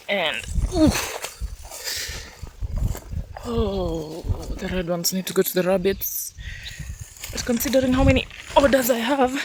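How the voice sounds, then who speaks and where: A woman's voice: mid-range voice, a little hiss or hum. A young woman giving a casual walking tour of her vegetable garden outdoors, exclaiming at her crops and calling out to her dogs. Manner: animated, exclamatory, scolds and coos at her dogs. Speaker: homestead farmer giving a farm tour. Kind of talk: casual vlog walkthrough.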